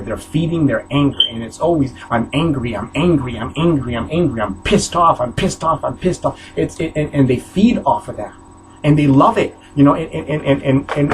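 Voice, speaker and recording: A man's voice: fairly high pitch, a little hiss or hum, low-quality recording. A man in his forties from New York State gives an impassioned warning sermon to the camera. He repeats himself and stammers through restarts. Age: 40s. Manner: repetitive, halting, stammering restarts, preaching cadence. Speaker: self-styled preacher.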